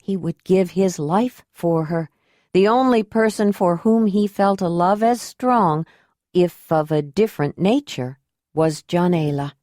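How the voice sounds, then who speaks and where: A woman reading an audiobook in an even, measured narration voice. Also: lowish voice, no echo, clean studio sound. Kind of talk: scripted narration.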